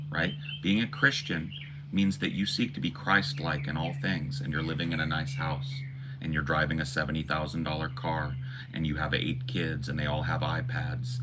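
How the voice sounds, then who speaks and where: A male podcast host with a bass voice delivers an impassioned, preachy rant packed with profanity, and there's noise in the background.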